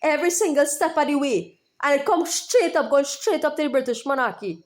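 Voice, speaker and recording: A woman with a high, bright-pitched voice delivers a heated vlog monologue. She is profane and insistent and keeps circling back to the same phrases, hammering them again and again. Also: brisk. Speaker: YouTuber. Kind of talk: impassioned monologue.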